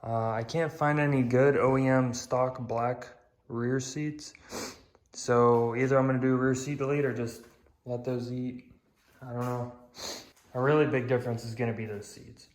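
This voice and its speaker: A young man talks through his car project in a loose, blunt vlog manner. He swears freely and pokes fun at himself. His voice sits at an everyday middle pitch. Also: flat delivery, moderate pace. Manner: blunt, swearing, self-deprecating. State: out of breath. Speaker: car vlogger. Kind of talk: casual vlog. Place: home garage.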